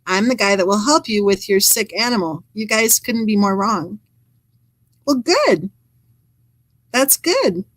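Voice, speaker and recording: A woman's voice: mid-range voice, lively intonation, a little slow, pauses often, a bit bright, no echo, low-quality recording. A woman hosting a true crime channel, reading live chat comments aloud and adding wry, chatty asides.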